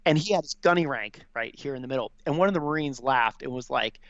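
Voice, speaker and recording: A man, a former Marine officer, telling anecdotes as a podcast guest in a quick, animated way with many fillers. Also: medium pitch, no room sound, muffled recording. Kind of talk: casual storytelling.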